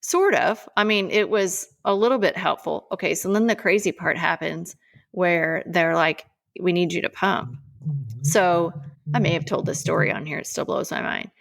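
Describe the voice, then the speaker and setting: A woman in her forties, a podcast co-host, telling a personal story in an emphatic, animated way. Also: fairly low pitch, normal speed, gravelly.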